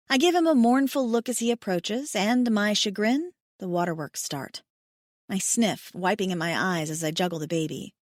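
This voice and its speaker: A woman narrating a first-person romance audiobook, expressive, wry and emotional. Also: mid-range voice, no room sound, clean studio sound.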